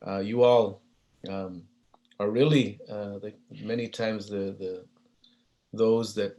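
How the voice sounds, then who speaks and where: A man's voice: lowish voice, darkish tone. A man giving a keynote talk, telling stories in a humble, conversational way, with frequent fillers and restarts. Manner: hesitant, with many fillers and restarts. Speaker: keynote speaker.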